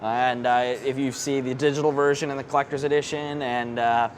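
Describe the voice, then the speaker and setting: A man's voice: medium pitch, little pitch movement, a little fast, slight background noise. A man hosting a podcast in a casual promotional chat, rattling off lists of features at an indoor launch event. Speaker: podcast host.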